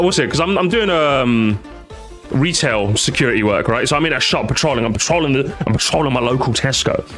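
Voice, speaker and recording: Casual live-stream chatter comes from a young man who is playful and lively, now and then letting out high, squeaky exclamations.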